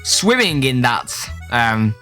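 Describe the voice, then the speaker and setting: Sarcastic young man, bright voice. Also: medium pitch, sing-song, slow, faint music behind. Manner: sarcastic, jokey, bursts into shouting. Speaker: YouTuber. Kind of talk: comic storytelling, reading out chats.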